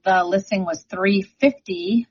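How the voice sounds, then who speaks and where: Chatty emphatic woman, slightly husky. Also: medium pitch, slow, a little mellow, highs cut off. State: frog in her throat. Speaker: real estate agent guest. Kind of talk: radio talk segment.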